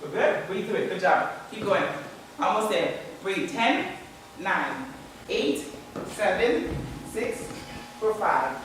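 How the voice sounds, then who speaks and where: Energetic woman coaching in an echoey hall. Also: medium pitch, slow, long pauses. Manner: energetic coaching, counting down and urging. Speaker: fitness instructor. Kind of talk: leading a live exercise demo. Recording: echoey distant room recording with noise.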